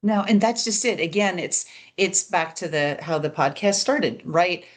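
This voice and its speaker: A woman hosting a podcast, chatting in an animated way and tossing in quick "right?" asides. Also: lowish voice. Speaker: podcast host. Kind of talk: casual podcast chat.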